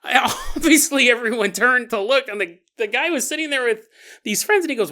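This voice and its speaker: Bright, high-voiced man telling a story. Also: fairly quick. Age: 40s. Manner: rambling, self-correcting, chuckles through stories. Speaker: podcast host. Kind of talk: casual podcast storytelling.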